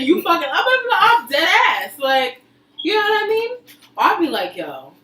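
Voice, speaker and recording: Blunt high-voiced woman in echoey room. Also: a little fast. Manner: blunt, profane, animated storytelling. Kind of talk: casual group chat. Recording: echoey room, mic from a distance, faint noise.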